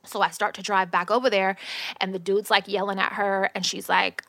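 A woman telling a story in casual chat, animated and slangy, swearing freely. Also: mid-range voice, brisk, dry recording.

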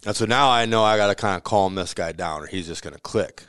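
A man's voice: lowish voice, quick pace, clear, resonant tone, no echo, studio quality. A man who owns a pizzeria, telling stories in a casual interview, acting out the voices of the people in them and laughing often. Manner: animated storyteller who acts out quoted voices, laughs often. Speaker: pizzeria owner.

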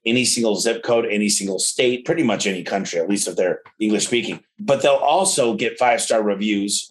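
A man who owns a garage door company, talking casually and eagerly in an interview, telling stories with lots of asides. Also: fairly low pitch. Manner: enthusiastic storyteller, quick asides.

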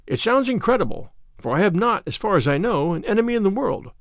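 Shaken young gentleman, urgent and animated, read by a man in a storybook. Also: high-pitched, fast, dry recording, studio quality, voice pushed up. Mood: anxious. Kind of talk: audiobook character reading.

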